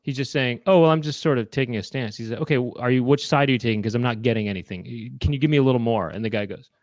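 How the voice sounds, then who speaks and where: A young adult man co-hosting a casual comedic chat, laid-back and deadpan in his mock voices. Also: medium pitch, very fast, no echo. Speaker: co-host.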